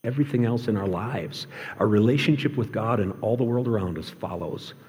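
A male pastor delivers a sermon in a low, mellow voice. He speaks earnestly, slowing down and dropping to a near hush on key words. The sound carries the long reverb of a large church hall. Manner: earnest, varies pace, drops to quiet emphasis.

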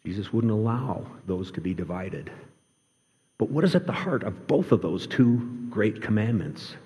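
A male pastor delivers a sermon in a low, mellow voice. He speaks earnestly, slowing down and dropping to a near hush on key words. The sound carries the long reverb of a large church hall. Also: expressive. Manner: earnest, varies pace, drops to quiet emphasis.

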